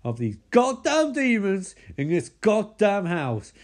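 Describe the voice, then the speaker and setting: A man's voice: unhurried, mellow, breathy edge. A man voicing a hysterical young man who screams and curses at demons in his house. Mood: furious. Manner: shrill ranting, cursing.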